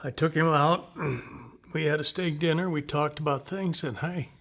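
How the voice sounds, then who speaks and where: During an interview, a veteran in his 70s shares war stories from his own life in a slow, halting, folksy way. His voice is a little high and somewhat bright, with fairly even intonation.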